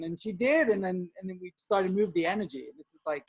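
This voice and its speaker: A man's voice: sits high, racing, few pauses. A man co-hosting a podcast, earnest and rambling, leaning on "like" as he talks through his feelings. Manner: earnest, rambling, many "like" fillers. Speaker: co-host. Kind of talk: casual spiritual chat.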